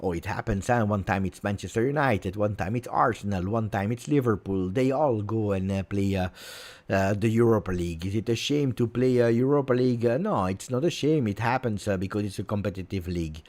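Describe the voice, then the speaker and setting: A man's voice: fairly low pitch, brisk, a little mellow. A man hosting a live football watch-along, ranting in exasperation and repeating himself often. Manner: exasperated ranting with many repetitions. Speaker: football fan streamer.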